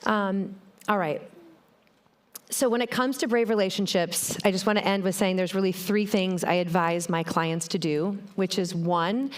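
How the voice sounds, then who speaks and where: A woman's voice: medium pitch, moderate pace. A middle-aged woman giving a motivational keynote talk on a conference stage, telling stories and speaking straight to the audience. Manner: animated, storytelling, addresses the audience directly.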